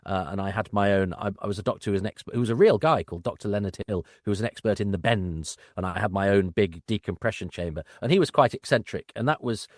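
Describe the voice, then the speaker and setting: A man's voice: lowish voice, fast, hardly any pauses, a little mellow, dry recording, studio quality. A middle-aged man, an actor and podcast guest, telling anecdotes in a wry, self-deprecating way.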